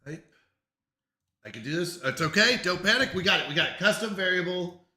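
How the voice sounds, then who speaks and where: Flustered, bright-voiced male streamer. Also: high voice, expressive, fairly quick, echoey room. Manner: flustered, apologetic, talks himself through tech trouble. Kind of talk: casual live-stream chat.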